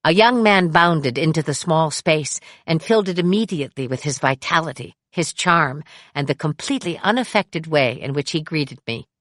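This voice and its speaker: A middle-aged woman reading her memoir aloud in a measured way, giving the quoted people raised voices. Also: low voice, animated, fairly bright tone, dry recording, studio quality. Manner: measured, acts out dialogue with raised voice. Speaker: memoir narrator. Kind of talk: audiobook memoir narration.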